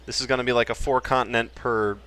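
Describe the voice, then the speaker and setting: A man's voice: medium pitch, steady tone, quick pace, pushed and bright, a little hiss or hum. A man hosting a casual Let's Play, cracking jokes and trailing off into mumbled asides as he explains his moves. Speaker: gaming channel host.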